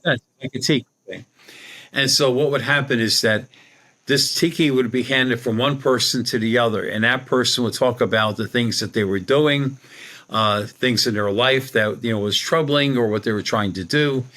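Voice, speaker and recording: A male guest who works as a psychic medium tells a rambling personal story in a casual way, retelling what people said with lines like "she goes". His voice is medium-pitched and sharp, at a normal speed.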